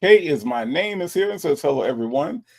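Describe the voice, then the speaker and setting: A man's voice: a little high, lively intonation, fairly quick, vocal fry. A man hosting a casual livestream and reading out viewer greetings in a chatty way. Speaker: livestream host.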